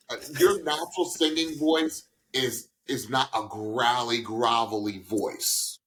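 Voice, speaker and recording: Animated podcast host with sudden high leaps. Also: male voice, a little slow. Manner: animated, leaps into high pitch when excited; takes on a voice teacher's advising tone. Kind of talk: casual chat.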